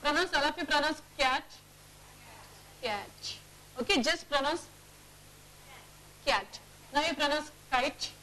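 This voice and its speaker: Bright high-voiced woman teaching a class. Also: fairly even intonation, a little hiss or hum, low-quality recording. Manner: drills words aloud, checks with quick questions. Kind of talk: classroom phonics lesson.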